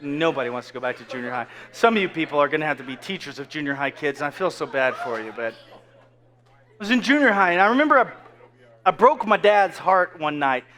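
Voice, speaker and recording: A man's voice: fairly high pitch, sing-song, a little fast, pushed and bright. A man in his thirties preaching a casual, joking sermon full of asides to the congregation. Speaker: pastor. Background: faint crowd.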